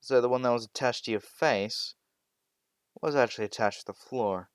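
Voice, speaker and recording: A man's voice: mid-range voice, moderate pace, clean tone, dry recording, studio quality, lightly acted. A man voicing a smug teenage magician boy. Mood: taunting. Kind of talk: fan-fiction storytelling.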